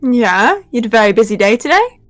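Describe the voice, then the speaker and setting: A woman playing a gentle, tired mother, reassuring her child over the phone in a tabletop game. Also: on the high side, sing-song, fast, dry recording, clean studio sound, soft background music. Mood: tender. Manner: soft and reassuring.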